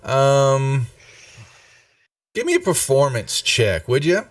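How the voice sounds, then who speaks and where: A male game master narrates a tabletop session slowly, with plenty of ums and restarts. His voice sits a little off the mic, but the room is dry and dead. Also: mid-range voice, big pitch swings, dry recording, recorded from a distance. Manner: unhurried, rambling with many fillers.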